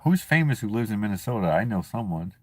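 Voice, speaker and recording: A man's voice: lowish voice, big pitch swings, quick pace, a little mellow, husky, dry recording. A man hosting a casual live chat who reads viewer comments aloud and jokes and laughs at himself in a laid-back way. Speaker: streamer host.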